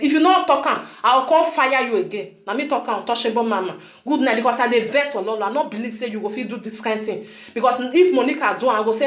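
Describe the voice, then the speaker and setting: A woman's voice: high-pitched, roomy sound. A woman vlogger with a Nigerian Pidgin accent, scolding in a video message and often breaking in with a questioning "huh?". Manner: scolding, repetitive, rhetorical "huh?".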